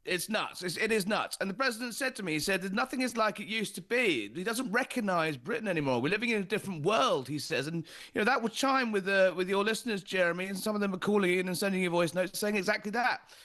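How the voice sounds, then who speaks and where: A male political journalist with a fairly high voice talks briskly and emphatically. He relays quotes in an energetic news-talk style, pressing each point home. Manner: brisk, emphatic, quoting his interview. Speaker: political journalist and show host.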